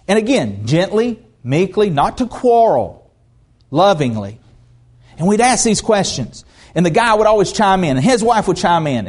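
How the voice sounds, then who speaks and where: Animated preacher man telling a story. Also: a little high. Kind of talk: sermon with personal story.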